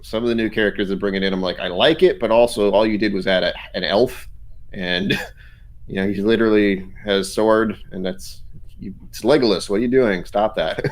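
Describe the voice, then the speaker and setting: A man's voice: lowish voice, steady tone, normal speed. A man co-hosting a casual show, rambling and laughing as he chats, with frequent restarts. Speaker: co-host. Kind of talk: casual chat.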